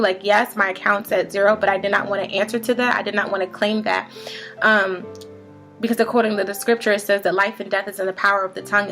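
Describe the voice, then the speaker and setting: A young woman in her twenties tells her testimony in a relaxed, conversational way, her voice sitting at a middle pitch. She fills her sentences with casual fillers. Faint music plays behind her. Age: 20s. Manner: chatty, many fillers like "um" and "like". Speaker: vlogger sharing a faith testimony.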